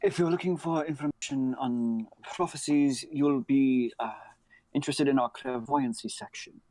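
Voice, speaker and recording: A man voicing a hushed elf librarian monk. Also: mid-range voice, normal speed, dry recording, natural voice, poor audio. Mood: hushed, helpful. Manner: soft-spoken, polite. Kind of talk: whispered role-play.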